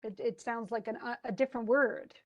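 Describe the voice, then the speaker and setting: Woman teacher, fairly high voice, chatty one-on-one tutoring, explains by example. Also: fairly even intonation, brisk, lo-fi sound. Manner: chatty, explains with spoken examples, laughs easily. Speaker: English instructor.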